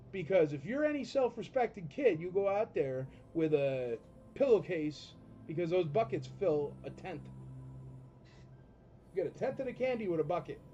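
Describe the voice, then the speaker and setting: A chatty man hosts a live auction stream, rambling off into jokes and talking straight to his viewers. His voice sits a touch high for a man. The audio is dull and lo-fi, with loud music playing underneath.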